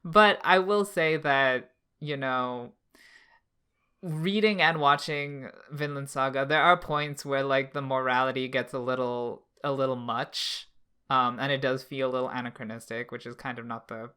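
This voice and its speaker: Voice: medium pitch, steady tone, moderate pace, bright, forceful tone, clean tone. A podcast co-host talking casually about anime, thoughtful and hedging, with many fillers. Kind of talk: casual anime discussion chat.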